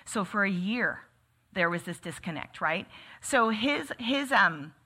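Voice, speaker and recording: A woman's voice: mid-range voice, animated, a little slow, sharp tone. A woman teaching a church group in a casual, sermon-like way, speaking conversationally and often saying "like" and "right?". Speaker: church teacher leading a book study.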